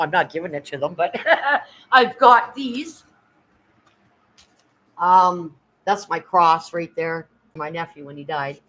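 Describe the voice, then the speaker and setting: A woman's voice: fairly low pitch, rough recording. Chatty woman livestreaming from home. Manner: chatty and emotional, thanking viewers, near tears. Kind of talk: casual live stream chat. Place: at home, by her pantry.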